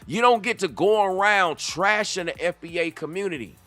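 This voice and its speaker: A man's voice: high voice, moderate pace, bright, forceful tone, faint music behind. A man giving a reaction commentary, confrontational and lecturing, speaking straight to the person in the clip.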